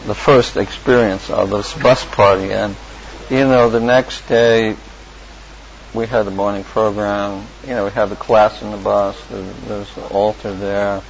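A man with a somewhat low voice recounts his past in a loose, meandering way, stopping for fillers and restarting his sentences. The recording sounds dull and lo-fi, with steady ambient noise clearly behind him. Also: unhurried. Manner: rambling, many fillers and restarts, chuckles often. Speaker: storyteller recalling his past. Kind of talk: casual spoken memoir.

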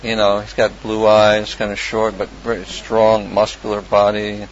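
A man's low, monotone voice moves a little slowly as he recalls his past in a casual memoir. He rambles, restarts, uses fillers, and chuckles often. The lo-fi audio carries slight background noise and clear ambience.

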